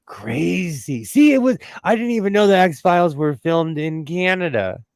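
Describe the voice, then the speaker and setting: A man's voice: a little high, measured pace, no echo. Chatty Southern California man, dry sound. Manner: chatty, animated storytelling with laughs. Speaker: host of a sewing livestream. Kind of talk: casual livestream chat.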